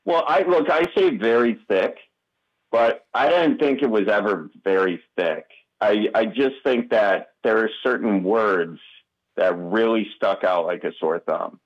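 In a relaxed interview, a Wisconsin-accented comedian guest talks in fits and starts, full of fillers and false starts. He has a lowish voice, and the audio lacks its high frequencies.

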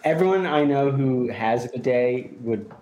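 A man's voice: medium pitch, animated, moderate pace, mellow. A man appearing as a radio guest, telling news stories in an upbeat, chatty way. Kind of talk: casual radio chat. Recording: echoey room, faint hiss.

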